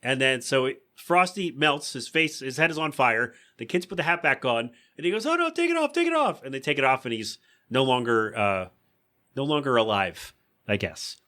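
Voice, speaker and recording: A man's voice: medium pitch, normal speed, pushed and bright. A man hosting a podcast, chatting casually through an episode recap and breaking into funny voices for quoted lines. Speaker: podcast host.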